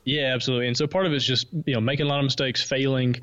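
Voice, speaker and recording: A man with a Southern US accent talking casually as a guest, quick, animated and self-deprecating. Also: mid-range voice. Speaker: podcast host being interviewed. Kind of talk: casual conversation. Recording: lo-fi remote call audio.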